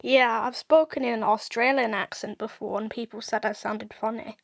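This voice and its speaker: Higher-voiced woman in casual chat. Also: fairly even intonation, moderate pace, creaky, no room sound. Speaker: co-host.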